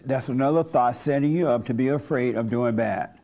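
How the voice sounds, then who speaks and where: A man's voice: medium pitch, fairly quick, dark tone. Blunt, folksy man pastor. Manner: conversational, coaxing, blunt, folksy. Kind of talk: informal church talk.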